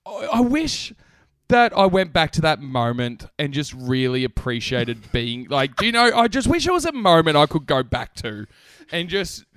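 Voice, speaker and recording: Young man, animated co-host storytelling, dry close mic. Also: on the high side, moderate pace, clean tone, no room sound. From Australia. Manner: animated, laughs often, swearing. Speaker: podcast co-host. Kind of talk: casual storytelling chat.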